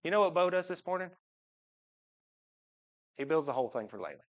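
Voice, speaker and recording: A man's voice: on the high side, lively intonation, fairly quick, muffled recording. A man, giving a heartfelt, joking personal talk to his church congregation. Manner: joking storyteller, voice jumps up when imitating. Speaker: church member speaking to the congregation. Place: church sanctuary.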